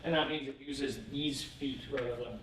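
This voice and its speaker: A man's voice: mid-range voice, steady tone, normal speed. A male pastor teaching a room of attendees, talking casually and chuckling between points. His voice comes from some distance off the mic, and the lecture hall adds a roomy echo with faint ambient noise beneath. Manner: casual, chuckling, many fillers and restarts. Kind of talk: conference lecture.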